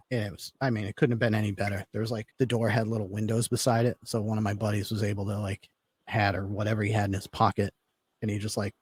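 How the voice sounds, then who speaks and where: A man's voice: on the low side, husky, no room sound. A man telling a long personal story in casual talk, rambling with lots of fillers. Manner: rambling, filler-heavy, laid-back. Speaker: podcast guest telling a story.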